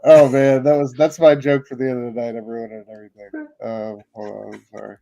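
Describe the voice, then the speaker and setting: A man's voice: medium pitch, flat delivery, brisk, dark tone, dry recording, lo-fi sound. A man co-hosting a casual live-stream podcast, talking in a rambling way with lots of fillers and apologies. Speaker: podcast co-host.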